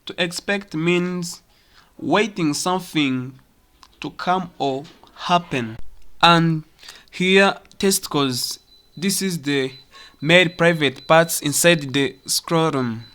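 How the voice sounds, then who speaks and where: A teacher from Rwanda giving a pronunciation lesson, repeating words slowly to demonstrate them. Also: medium pitch, a bit bright. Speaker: English teacher.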